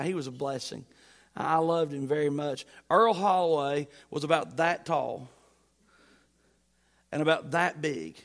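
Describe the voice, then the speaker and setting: A middle-aged man preaching from the pulpit, his voice sitting a bit high for a man. He drives his points with emphatic, building repetition and eases into humorous storytelling. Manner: emphatic, rising to loud peaks, storytelling with humor. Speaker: pastor. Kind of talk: sermon.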